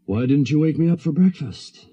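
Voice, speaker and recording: A man voicing a troubled, gentle man cursed to be a werewolf, in an old radio story. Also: a little high, lively intonation, normal speed, breathy edge, highs cut off, pitched above the performer's own voice. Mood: pleading. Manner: pleading, rising to anguished cries. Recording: fuzzy 1970s radio recording.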